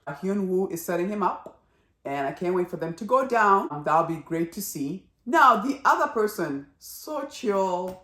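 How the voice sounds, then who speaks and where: A woman giving a casual spoken review of a drama series, chatty and animated, acting out characters' lines as she goes. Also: fairly low pitch, reverberant.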